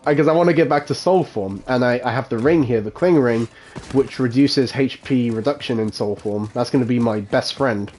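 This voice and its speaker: A man at an ordinary middle pitch talks casually into his microphone during a live gameplay stream. He rambles, laughs often and swears offhandedly while explaining his moves to viewers. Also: normal speed, a little mellow. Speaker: game streamer.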